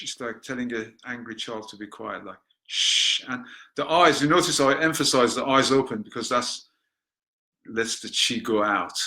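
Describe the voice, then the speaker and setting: A man teaching a guided healing meditation, gentle and unhurried, dropping to soft spoken affirmations and breaking off for chatty, joking asides. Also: medium pitch.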